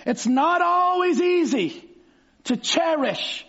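A male preacher delivering a fervent sermon, bursting into shouts and stretching out words for emphasis. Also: very high-pitched, animated, normal speed, husky. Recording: slightly dull recording.

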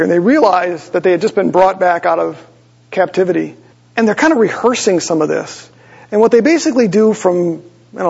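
A man teaching a Bible study sermon, reading verses slowly with emphasis and asking the listeners questions. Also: sits high, creaky, a little mellow, breathy edge. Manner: reads scripture slowly with rising emphasis, asks the audience questions. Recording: dull lo-fi recording.

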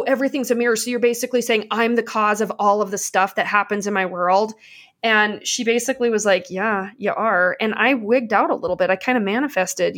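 A woman in casual conversation, telling stories in an energetic, passionate, self-mocking way. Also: mid-range voice.

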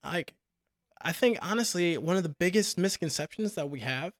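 Male co-host, jokey, slightly raised pitch, dry recording. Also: expressive, moderate pace, dry recording. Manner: joking, puts on voices for quotes. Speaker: podcast co-host. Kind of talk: casual podcast discussion.

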